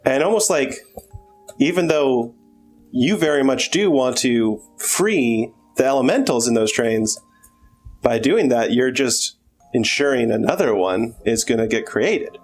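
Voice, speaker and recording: A man's voice: mid-range voice, expressive, measured pace, faint music behind. A man playing a tabletop role-playing game, asking probing questions in character. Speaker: player.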